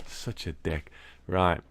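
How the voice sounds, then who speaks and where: A British man casually commentating as he plays a board game video game, rambling and swearing now and then. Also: sits low. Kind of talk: casual let's-play commentary.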